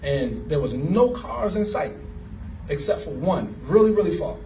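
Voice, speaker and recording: A man giving an animated, emotional personal story as a speaker at an event, laughing as he talks. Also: on the high side, measured pace, distant mic, soft background music. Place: event hall.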